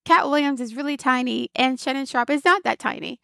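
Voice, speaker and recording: A woman hosts her own channel, giving casual spoken commentary in a fairly high voice. She reflects aloud, piles up repeated phrases for emphasis and lets small laughs slip in. The sound is close and dry, with no room around it. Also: brisk, vocal fry, bright, forceful tone, no echo. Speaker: video host.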